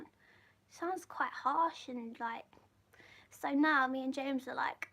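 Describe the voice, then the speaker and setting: A British woman hosting a live stream, chatting in a soft, often whispered voice and rambling warmly between viewer comments. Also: high voice, slow. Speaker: livestream host reading viewer comments.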